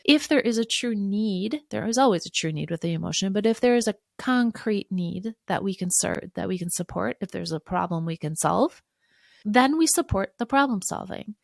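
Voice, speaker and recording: Woman podcast host, parenting coach, slight vocal fry, dry close sound. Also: mid-range voice, lively intonation, normal speed, dry recording. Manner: warm, coaching, acts out soothing lines to a child. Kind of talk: solo podcast teaching.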